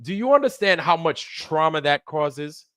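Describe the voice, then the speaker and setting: A man's voice: on the high side, animated, normal speed, fairly bright tone, smooth, dry recording, studio quality. A man hosting a livestream, delivering heated, profane commentary, repeating himself for emphasis. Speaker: livestream host.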